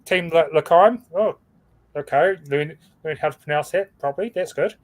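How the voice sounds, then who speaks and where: A man's voice: a little high, moderate pace. Man reading scores on a video call. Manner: talks through a scoreboard, stumbles over names. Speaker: co-host reading team standings. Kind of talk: casual livestream chat.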